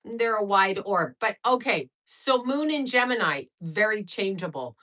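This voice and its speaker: An outspoken woman in her fifties chats on her livestream, and her bright, sharp-edged voice runs loosely from story to story. She swears without a pause and laughs at her own bluntness. The sound is a little dull and lo-fi. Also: medium pitch, lively intonation. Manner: blunt, profane, laughing, rambling. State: sweating. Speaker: livestream host and astrologer. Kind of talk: casual livestream chat.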